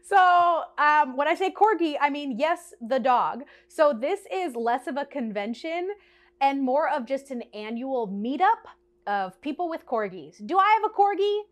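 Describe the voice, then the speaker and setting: A woman chatting to camera in a bubbly, animated way, telling a storytime to her viewers and laughing often. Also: high-pitched. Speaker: vlogger. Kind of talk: casual storytime chat to camera.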